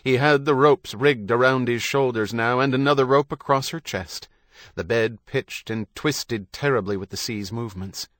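A man narrating a novel in a measured, steady storytelling manner. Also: mid-range voice, no echo, clean studio sound. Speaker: audiobook narrator. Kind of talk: scripted narration.

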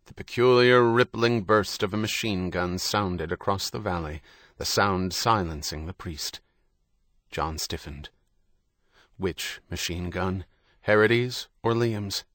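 With a fairly low pitch, a male narrator works through a novel in scripted audiobook narration, his delivery measured and even. It's a dry recording with clean studio sound.

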